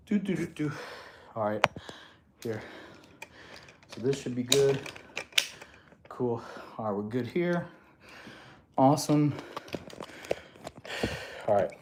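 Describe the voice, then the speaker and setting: A man's voice: mid-range voice, slow pace, long pauses. Male fitness streamer, easygoing, laughs often, fields chat questions on camera, slight background hiss. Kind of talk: casual livestream chat. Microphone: camera on a tripod.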